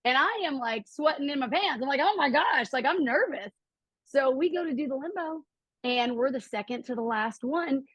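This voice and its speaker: A middle-aged woman telling a personal story as a podcast guest, acting out quotes with lively jumps in her voice. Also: moderate pace, no room sound, muffled recording. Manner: animated, acts out quotes with lively pitch jumps.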